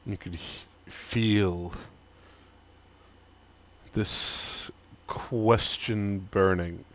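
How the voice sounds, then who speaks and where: Slow-narrating man running a tabletop game. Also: on the low side, steady tone. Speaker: game master.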